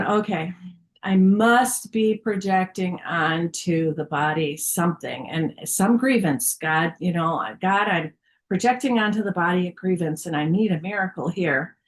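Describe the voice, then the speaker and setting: A woman sharing a personal story in a casual spiritual group, candid and chatty with many fillers. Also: on the low side.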